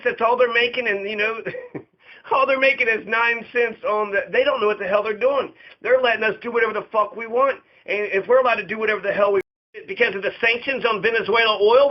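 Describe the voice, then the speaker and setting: High-voiced man on a profane rant. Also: lo-fi sound. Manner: profane, sarcastic ranting. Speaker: host. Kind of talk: political commentary rant.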